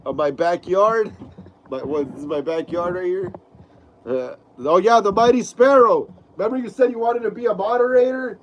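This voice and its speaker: A man's voice: high voice, normal speed, slight background noise. A young man with a stuffy nose from a cold, hosting a casual live stream from home, reading chat aloud and saying bro a lot. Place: home room.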